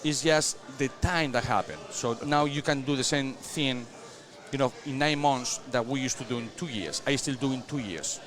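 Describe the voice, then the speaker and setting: A man's voice: medium pitch, moderate pace, crowd noise. A man from Spain with a Spanish accent, a cigar maker guest chatting casually in broken English at a cigar shop event. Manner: animated, broken English, joking. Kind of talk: casual chat.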